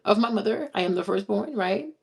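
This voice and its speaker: A woman's voice: medium pitch, lively intonation, fairly quick, vocal fry, breathy edge. Brief: young woman, vlogger, blunt and emphatic, casual chat to camera. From immigrant who moved to the US as a child. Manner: blunt, emphatic, tags lines with "okay?" and "right?". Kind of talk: casual direct-to-camera talk.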